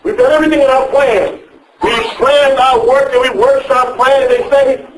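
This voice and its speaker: Man speaker addressing youth in a mosque; very high voice, quizzes the crowd, repeats lines; distant mic in a roomy hall. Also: steady tone, moderate pace. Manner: questions the audience and repeats phrases. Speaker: speaker advising young people.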